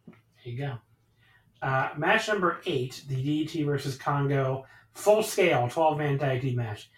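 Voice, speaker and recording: A man hosting a podcast, recapping matches in casual chat, animated and swearing freely as he rambles through the action. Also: medium pitch, unhurried, roomy sound, rough recording. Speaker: podcast host.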